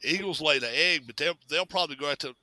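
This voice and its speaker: A man's voice: fairly high pitch, fast talker, a crowd in the background, poor audio. A man telling a funny childhood story in a casual chat, drawling and acting out what others said. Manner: drawling, laughing storyteller who acts out quotes.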